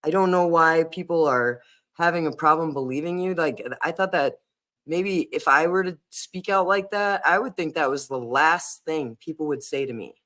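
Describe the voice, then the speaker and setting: A man's voice: fairly high pitch, normal speed, pushed and bright. A man hosting a casual livestream chat, talking earnestly and hesitantly with many fillers and restarts. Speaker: livestream host.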